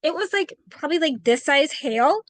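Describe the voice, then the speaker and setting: In a casual interview, a woman who investigates the paranormal tells stories with lots of animation, acting out the lines she quotes. Her voice sits high, her speed is normal, and there's no echo.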